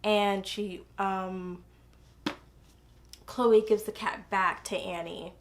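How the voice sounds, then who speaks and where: A woman's voice: medium pitch, fairly even intonation, drawn-out words. A young woman chatting casually about a book she loves, gushing and rambling with lots of fillers and restarts. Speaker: book reviewer. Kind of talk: casual book review chat.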